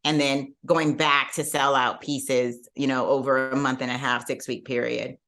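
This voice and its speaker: A middle-aged woman with a low voice tells her story on a casual podcast. She laughs easily, and her pitch springs up when something amuses her. Her talk is warm and candid, with lots of loose fillers. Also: moderate pace. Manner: lively storyteller, laughs often, jumps high when amused. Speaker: guest entrepreneur.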